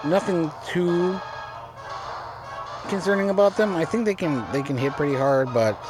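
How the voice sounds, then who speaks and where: A man's voice: fairly high pitch, normal speed. A man giving casual let's-play commentary over his game, rambling and often restarting his sentences. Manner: rambling, repeats and restarts himself. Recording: game music audible underneath. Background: game music.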